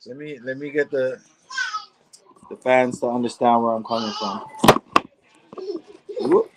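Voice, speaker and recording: A man's voice: medium pitch, lively intonation, measured pace, pauses often. A man addressing his fans in an emphatic, preachy way. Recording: loud background noise.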